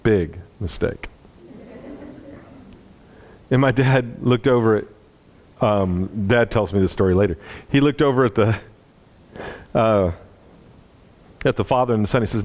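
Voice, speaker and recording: A man preaching a sermon, telling a personal story in an earnest way and dropping low and soft at tender moments. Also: measured pace, long pauses.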